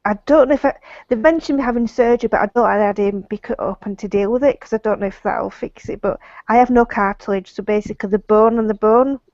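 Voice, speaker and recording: A woman's voice: fairly high pitch, quick pace, darkish tone, no room sound, lo-fi sound. A woman with a Yorkshire accent, chatting plainly as a caller on a video call. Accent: Yorkshire English. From Yorkshire, England. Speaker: caller seeking healing. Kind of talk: casual chat.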